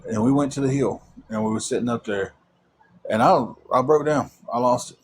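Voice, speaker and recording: A man's voice: medium pitch, normal speed, slight background noise. A young man telling a long personal story in a rambling way, with many fillers and repeated words.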